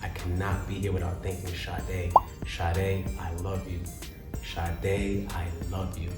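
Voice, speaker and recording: A man's voice: sits low, level tone, slow. A young man, a recording artist, telling stories in a casual interview with loose slang and frequent laughter. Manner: laid-back slangy storytelling, laughs often. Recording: echoey room with music playing.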